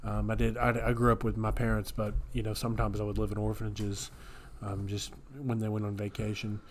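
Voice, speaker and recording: In a casual podcast chat, a male co-host tells absurd invented stories completely deadpan. His voice is fairly low and a little quick, and there's a slight hiss or hum on the recording.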